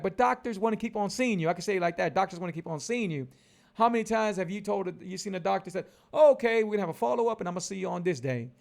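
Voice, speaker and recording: Man in his forties, diet vlogger; high gravelly voice, emphatic, repeats every point. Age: 40s. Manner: emphatic, repetitive, preachy. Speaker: keto lifestyle vlogger. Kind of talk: casual motivational vlog talk.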